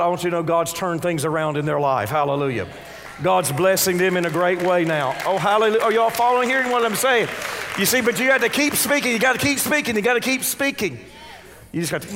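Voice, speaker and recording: A high-pitched male preacher delivering a fervent sermon, repeating phrases and calling out to the congregation. He swings from soft, low asides up to shouted exhortations, and his voice rings with a long reverb as in a large church hall. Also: slight background noise. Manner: repetitive call-and-response preaching.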